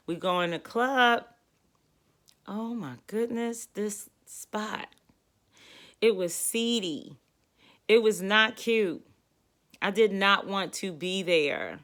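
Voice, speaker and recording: A woman from the Washington DC area telling a personal story in a casual, animated, exasperated way. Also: lowish voice, clean tone.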